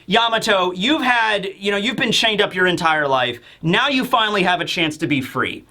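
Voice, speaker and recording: A man's voice: high voice, expressive, moderate pace, sharp tone. A man voicing a determined young male shogun with dragon powers, earnest and resolute. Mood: earnest resolve.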